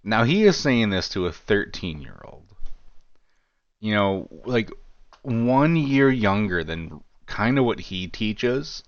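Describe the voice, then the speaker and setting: A man's voice: fairly low pitch, sing-song, takes it slowly, no echo, lo-fi sound. A man giving casual commentary on chat logs, rambling with lots of "you know" and "like" and wry asides. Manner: wry, self-deprecating asides. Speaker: true-crime commentary creator.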